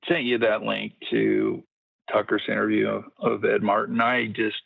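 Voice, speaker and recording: A man calling in to a talk show in casual chat, with a measured, agreeable manner. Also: fairly low pitch, expressive, gravelly, fairly bright tone, husky, dry recording, poor audio. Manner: measured, agreeable, many "yeah"s. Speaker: caller.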